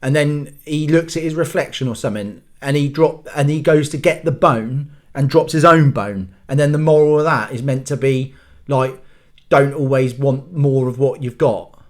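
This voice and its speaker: A man's voice: mid-range voice, normal speed, a little mellow. A man hosting his own channel, ranting in an exasperated, sweary, rambling way. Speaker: channel host. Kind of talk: ranting vlog monologue.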